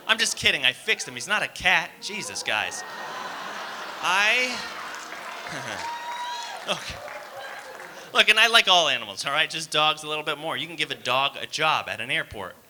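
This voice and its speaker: A man's voice: fairly high pitch, big pitch swings, moderate pace, pauses often, background noise. A young man doing a stand-up comedy set on a theater stage, talking casually and rambling with fillers and asides to the crowd.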